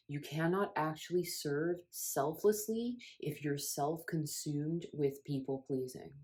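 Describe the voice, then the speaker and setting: A woman's voice: low voice, a little mellow. A woman talking casually as a self-help coach, earnest and repeating phrases for emphasis. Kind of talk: casual spiritual coaching talk.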